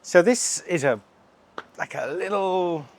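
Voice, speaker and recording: This travel vlogger speaks slowly in a high voice. He's filming a casual food vlog outside at a street stall, talking while he eats, chatty, upbeat and quick to laugh.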